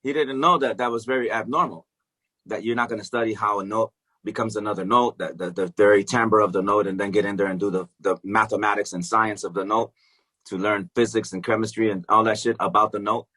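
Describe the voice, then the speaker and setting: A middle-aged man, a music educator, telling stories as a guest in a casual interview, animated and profane, laughing often. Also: on the low side, fairly quick, husky.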